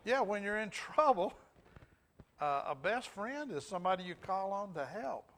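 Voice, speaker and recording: A man's voice: high voice, very animated, normal speed, a bit bright. A middle-aged man with a Southern US accent teaching a Bible class, asking the group questions and chuckling as he goes. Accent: Southern US, Alabama. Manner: asks the group questions, chuckles, restarts often.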